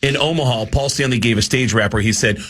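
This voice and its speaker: A man who is a comedian guest on a talk show, telling animated stories in casual chat and slipping into voices. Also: mid-range voice, fast talker, a little hiss or hum.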